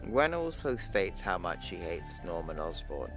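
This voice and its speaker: A man with a fairly low voice narrates a comic book recap in a loose, conversational way. He talks straight to his viewers and keeps calling them "people". Soft background music runs quietly beneath his voice. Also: sing-song, unhurried. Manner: chatty, addresses viewers as "people", retells dialogue plainly. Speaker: comic book explainer channel host.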